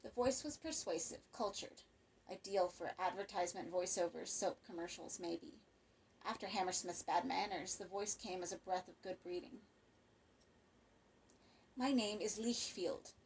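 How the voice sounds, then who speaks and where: A woman narrating a horror short story as an audiobook in a measured, expressive storytelling manner. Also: fairly low pitch, creaky, slight background noise, poor audio. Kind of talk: scripted narration.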